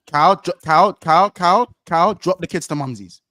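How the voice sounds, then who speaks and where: An excitable man on a football podcast with a bright, forceful voice. He talks in a slightly high register, repeats lines and swears freely. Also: measured pace, no echo. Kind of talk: excited casual football chat.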